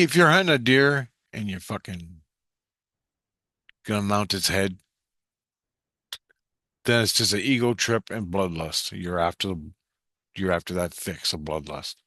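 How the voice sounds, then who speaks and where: A man telling a rambling, profanity-laced story in a vlog, getting excited and then dropping low. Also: measured pace, long pauses, dry recording, clean studio sound. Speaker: vlogger recounting a vision. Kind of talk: rambling spoken monologue.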